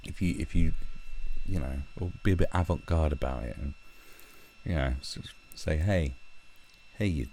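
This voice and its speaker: Sarcastic man, very deep voice. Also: normal speed, long pauses, slight background noise. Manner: sarcastic, profane, mocking asides, bursts into shouted impressions. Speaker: livestream host. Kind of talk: ranting commentary on a news story.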